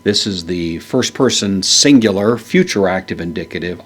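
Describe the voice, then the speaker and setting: A man teaching a Bible verse word by word, parsing each word in a measured way with frequent fillers. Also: low-pitched. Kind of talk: unscripted Greek verse lesson.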